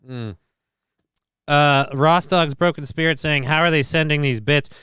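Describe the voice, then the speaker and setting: A man's voice: fairly high pitch, a little slow, a bit bright, clean tone, dry recording, studio quality. A man hosting his own live-stream show, reading news items aloud and riffing on them in a profane, rambling way. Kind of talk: casual live-stream commentary.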